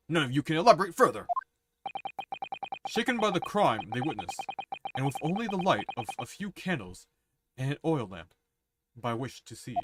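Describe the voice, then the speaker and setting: A man's voice: a little high, heavy background noise. A man voicing a cold, haughty male prosecutor pressing witnesses. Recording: game music behind.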